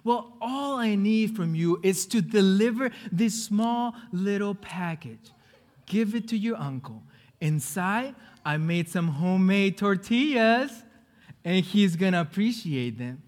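A doting, fussy old grandmother with a slight accent, put on by a man. She is raised well up in pitch and presses her point insistently. The voice rings with long hall reverb. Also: animated, a little slow, a little mellow.

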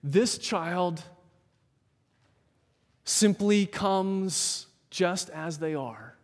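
A man preaching a sermon in a measured, emphatic way, with dramatic pauses, in a large church hall. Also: high voice. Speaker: pastor. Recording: long hall reverb.

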